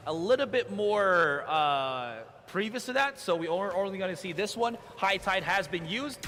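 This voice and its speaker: A high, bright-toned man casting a video game tournament, breaking down plays and joking between rounds. His voice rings out with a long hall reverb, and a faint hiss sits underneath. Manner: excitable, jokey analysis. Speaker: esports caster. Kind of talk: play-by-play commentary.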